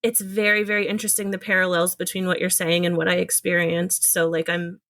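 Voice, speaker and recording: A woman hosting a podcast, talking in a casual way and quickly affirming her guest. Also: fairly low pitch, level tone. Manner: warm affirming listener, quick agreeable replies. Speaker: podcast host. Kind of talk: casual conversational interview.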